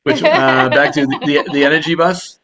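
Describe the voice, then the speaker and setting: A man with a Boston accent, a real estate broker and coach giving an energetic, rambling casual talk to an online group. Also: a little high, a crowd in the background. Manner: energetic, rapid, rambling with restarts.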